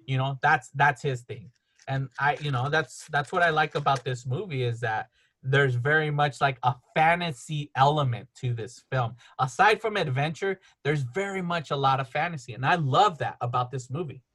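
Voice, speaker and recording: A man co-hosting a podcast in casual chat, enthusiastic, with quick laughs and repeated words. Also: on the high side, a bit bright. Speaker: podcast co-host.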